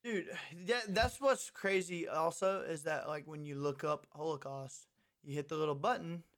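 A young man with a fairly high voice, chatting on a casual podcast. He leans on "dude" and sounds laid-back, though he gets loud and excited when something riles him. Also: normal speed. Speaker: podcast co-host.

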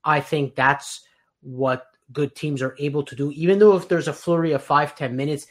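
A man hosting a podcast, giving animated, opinionated football takes in casual chat with frequent restarts. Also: a little high, moderate pace. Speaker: podcast host.

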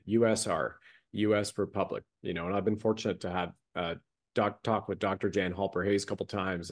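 Male podcast host, low voice, meandering, filler-heavy. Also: a little mellow. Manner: rambling, many fillers, hands topics to guests. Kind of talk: casual chat.

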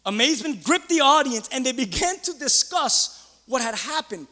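A man preaching a sermon in church as pastor, excitable, swinging between loud outbursts and quiet asides. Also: very high-pitched, normal speed, long reverb tail.

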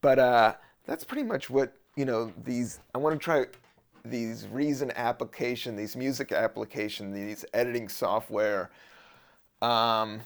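A man's voice: mid-range voice, measured pace, vocal fry. A man from Southern Virginia hosting a podcast, rambling casually in a laid-back, profane monologue. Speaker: podcast host.

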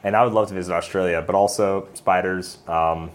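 Brief: deep-voiced male co-host, easygoing and jokey. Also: steady tone, slight background noise. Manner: agreeable, jokey, quick to chime in. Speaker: podcast co-host. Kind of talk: casual podcast chat.

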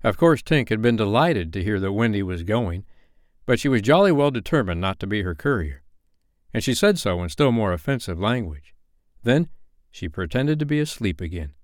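Casting: male storyteller, bedtime reading, lively voice, close and dry. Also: lowish voice, normal speed, no room sound.

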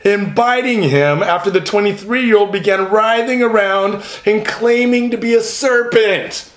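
A man's voice: high voice, unhurried. A man co-hosting a podcast, chatting crudely and joking, reading news stories aloud and laughing often. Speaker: podcast co-host. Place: room in Tokyo. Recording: echoey room.

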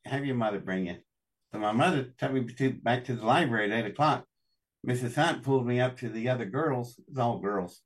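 A man's voice: mid-range voice, a little fast, far from the mic. An older man from West Virginia, a show guest telling long folksy stories with chuckles. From West Virginia, USA. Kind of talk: storytelling interview.

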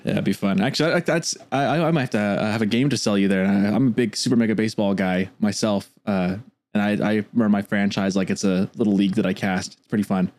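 A man in his thirties from the Pacific Northwest, hosting a casual podcast chat in an animated way and often repeating words as he starts a sentence. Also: lowish voice, quick pace. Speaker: podcast host.

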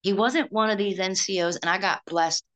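A woman's voice: medium pitch, normal speed, a bit bright. A woman, an Army veteran, telling her story in an earnest, reflective way during a casual interview.

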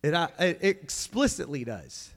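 A man's voice: fairly high pitch, very animated, measured pace. A man preaching a sermon in church, earnest and emphatic, often restarting and repeating phrases.

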